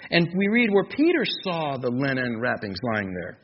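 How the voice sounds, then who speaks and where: A man's voice: medium pitch, wildly swooping pitch, normal speed. A man preaching an expository sermon, stressing key phrases by repeating them. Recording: dull lo-fi recording with faint noise.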